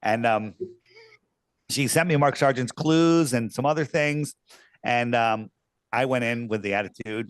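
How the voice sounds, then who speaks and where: A man's voice: mid-range voice, unhurried, long pauses, clean tone, no echo. Rambling, storytelling male guest. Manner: rambling, lots of fillers and restarts. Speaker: podcast guest. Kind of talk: casual storytelling.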